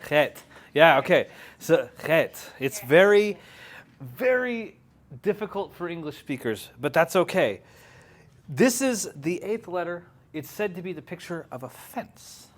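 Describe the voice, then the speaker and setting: A man's voice: high voice, big pitch swings, a little slow. Joking man teaching a class. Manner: joking, chatty, laughs often. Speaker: Hebrew teacher.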